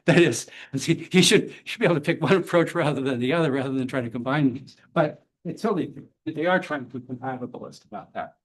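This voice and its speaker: A man giving a university lecture and answering audience questions, measured and academic with occasional blunt dry humor. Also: mid-range voice. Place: lecture hall.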